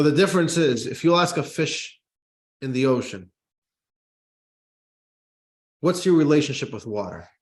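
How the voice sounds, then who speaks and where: A man, a rabbi, teaching a class, reading a text aloud and explaining it in an animated way to listeners. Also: medium pitch. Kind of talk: Torah class lecture. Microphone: microphone in front of him.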